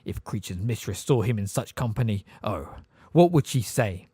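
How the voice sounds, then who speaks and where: A man voicing a hunched, spiteful old male house elf with a hoarse, deep voice, muttering resentfully under his breath. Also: expressive, moderate pace, mellow, dry recording. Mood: muttering, bitter.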